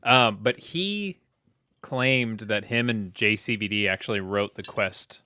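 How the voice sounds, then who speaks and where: A young man co-hosting a casual movie chat, easygoing and quick to laugh. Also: lowish voice, pushed and bright. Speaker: co-host.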